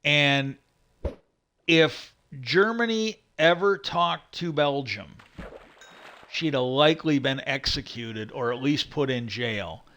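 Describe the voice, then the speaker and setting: A man's voice: medium pitch, sharp tone. A man chatting casually as a streamer, rambling with many fillers, restarts and swearing. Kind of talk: casual chat.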